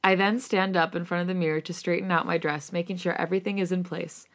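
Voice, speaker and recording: A woman podcast host reading romantic fan fiction aloud. Her voice sits on the low side, and the reading is casual, animated, and now and then giggly. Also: quick pace.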